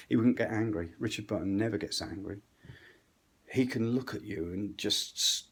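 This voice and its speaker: Rambling, husky English man, 60s. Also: on the low side, measured pace, a bit bright. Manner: rambling, digressive, swearing, dropping to whispers. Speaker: comedian. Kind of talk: rambling comic rant.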